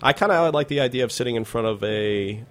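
A man's voice: medium pitch, fast. A man from Queens, a news reporter, chatting casually as a radio guest and laughing often. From Queens, New York. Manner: laughs often, lively storytelling. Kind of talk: casual chat.

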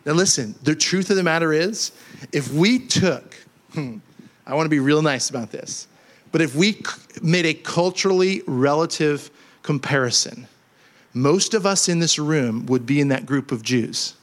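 A man preaching a sermon in an animated way, dropping to hushed lows and rising to emphatic highs. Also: moderate pace. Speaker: pastor. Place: church hall.

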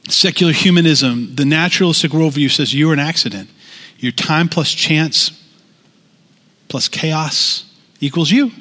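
A man's voice: on the high side, a little slow, pushed and bright, long reverb tail. A man preaching a sermon as pastor, talking conversationally with repeated phrases and rising intensity.

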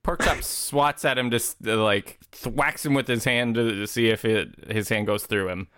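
A man's voice: mid-range voice, steady tone, moderate pace, a bit bright, smooth, no room sound, studio quality. A man hosting a tabletop game podcast, blunt and teasing, swearing freely. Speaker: podcast host and player. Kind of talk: casual banter at a tabletop game.

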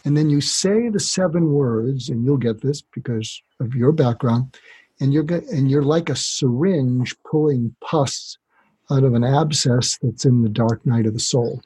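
Very husky man explaining calmly. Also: mid-range voice, unhurried, low-quality recording. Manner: calm, explanatory, demonstrates dialogue. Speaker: podcast guest, doctor. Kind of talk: podcast interview.

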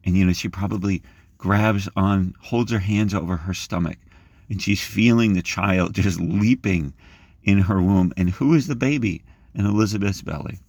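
A man leading a guided scripture meditation, gently inviting listeners to imagine the scene and rising in pitch as he reads the verses. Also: normal speed, no room sound. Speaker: prayer leader.

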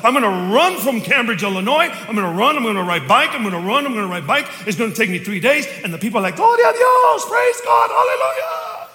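A middle-aged man pastor telling stories in a sermon, acting out dialogue and shouting for emphasis, recorded in a church sanctuary. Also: sits high, lively intonation, quick pace, hardly any pauses. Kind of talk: storytelling sermon. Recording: echoey church hall.

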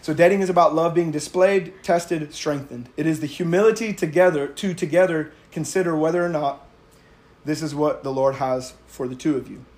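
A man's voice: on the high side, moderate pace, darkish tone. A man giving casual sermon-style teaching, conversational and emphatic, often laughing between his points. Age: adult with a young daughter. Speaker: Bible teacher.

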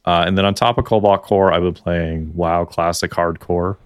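A man's voice: low voice, steady tone, normal speed, clean tone, dry recording, clean studio sound. A Canadian man with a Canadian accent chatting casually about video games on a podcast, rambling and restarting his sentences. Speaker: podcast co-host. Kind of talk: casual gaming chat.

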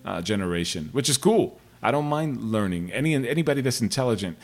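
A man's voice: mid-range voice, expressive, a little fast. A middle-aged man hosting a solo podcast, giving emphatic, repetitive advice in a casual, profane way. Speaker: podcast host.

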